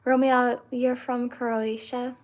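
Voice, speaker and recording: A woman in her twenties hosting a livestream, chatting with viewers and answering them with many pauses and fillers. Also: on the high side, little pitch movement. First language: English. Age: 20s. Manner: hesitant, many fillers and restarts. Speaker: livestream host.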